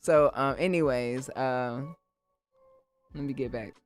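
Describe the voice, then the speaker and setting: A woman's voice: rumbling low, takes it slowly. A woman hosting a live music-production stream, chatting casually and talking straight to her viewers. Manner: animated and chatty, addressing viewers directly. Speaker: livestream host and beatmaker. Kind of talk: casual livestream chat.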